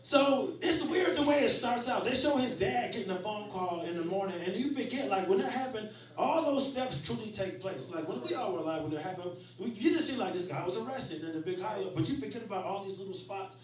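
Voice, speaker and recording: A man in his forties works through a stand-up set, his voice sitting high and his storytelling loose and full of profanity. The club sound is heavily roomy, and the mic is picking him up from some distance. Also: animated, fairly quick, few pauses. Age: 40s. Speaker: stand-up comedian. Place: small comedy venue.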